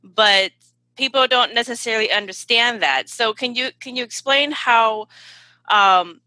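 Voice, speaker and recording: Woman podcast host, sharp and bright, dry close sound. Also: fairly high pitch, measured pace, dry recording, rough recording. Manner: long winding questions, enthusiastic affirmations. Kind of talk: interview questions.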